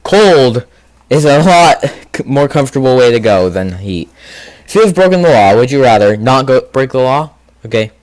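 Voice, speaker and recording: A man hosting a casual gaming video, rambling and thinking out loud with lots of fillers as he answers quiz questions. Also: mid-range voice, animated, moderate pace, dry recording. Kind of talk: casual commentary on a quiz game.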